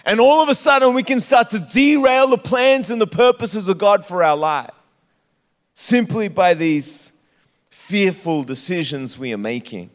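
A man preaching a sermon in a church, with impassioned, sometimes sung, drawn-out phrases. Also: sits high, lively intonation. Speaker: pastor. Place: church hall. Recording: live church hall with reverb and soft instrumental music. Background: soft instrumental music.

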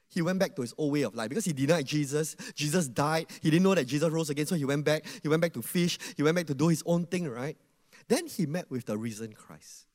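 A man preaching a sermon in an animated way, asking the audience questions and acting out quotes. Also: fairly high pitch, long reverb tail.

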